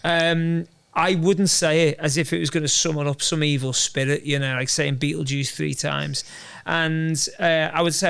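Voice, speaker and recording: Gravelly man chatting. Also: a little high, fairly even intonation, moderate pace, fairly bright tone. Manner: chatty, rambling, self-deprecating humor. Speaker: guest, endurance runner. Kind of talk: casual interview chat.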